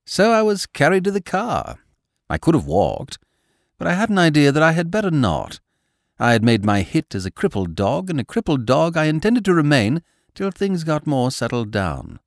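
A man's voice: fairly high pitch, wildly swooping pitch, normal speed, no echo, clean studio sound, voice pushed up. A man reading a storybook as a wry, easygoing male dog narrating his own tale. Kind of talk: audiobook narration.

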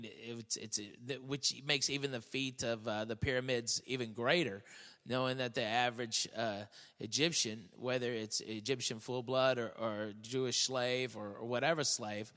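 A man's voice: mid-range voice, sharp tone, big-room sound. A man hosting a show in casual chat, blunt and profane, rambling and restarting his sentences. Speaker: podcast host.

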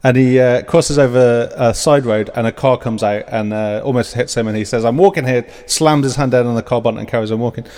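A man's voice: medium pitch, fairly even intonation, fairly quick, few pauses, a little mellow. Hesitant man with reverb. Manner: hesitant, lots of fillers and asides. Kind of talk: casual chat. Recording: long reverb on the voice.

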